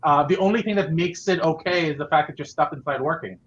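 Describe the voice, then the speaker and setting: A man's voice: fairly high pitch, quick pace, highs cut off. A man hosting a casual interview podcast, talking in an upbeat way with many fillers and restarts. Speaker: podcast host.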